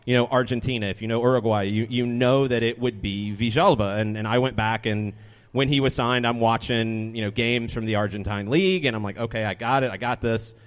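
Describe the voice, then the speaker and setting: A man's voice: medium pitch, fairly even intonation, fairly quick, clean tone. A man, a soccer broadcaster, chatting easily at a live panel in a brewery and laughing often. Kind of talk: casual panel discussion.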